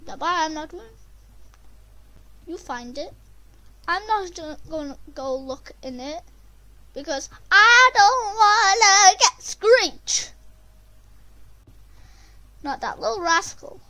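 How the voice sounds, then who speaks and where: A woman commentating her gameplay, excitable and prone to screaming when chased. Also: sits high, measured pace, pauses often. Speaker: gamer.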